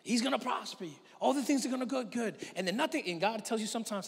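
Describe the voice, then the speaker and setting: A male pastor preaching a sermon, telling a story with animated delivery and acting out the voices of the people in it. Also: very high voice, quick pace, creaky, hardly any pauses, big-room sound. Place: church hall.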